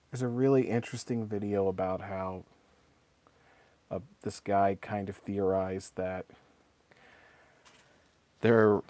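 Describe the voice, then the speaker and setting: Guy in his 30s rambling on a painting stream, lowish voice, dry sound. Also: no room sound. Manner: rambling and conversational, many fillers. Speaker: streamer and voice actor. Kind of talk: casual chat while painting on stream.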